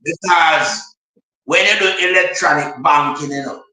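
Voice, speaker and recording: Slow, echoey Jamaican male caller. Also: on the high side, bright, forceful tone. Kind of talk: call-in political chat. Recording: very echoey, distant line.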